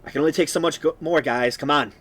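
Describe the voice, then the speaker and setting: A man voicing a tough female tiefling who shouts orders to a crew hauling a dragon. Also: on the high side, fast talker. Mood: strained, urging.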